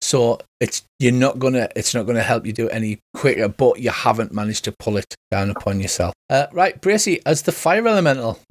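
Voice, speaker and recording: A man narrates a tabletop game as game master, chatty and easygoing. His voice sits at a middling pitch. The room is dry and close, with no echo. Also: fairly quick, hardly any pauses. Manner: relaxed, chatty, stops and restarts as he rules.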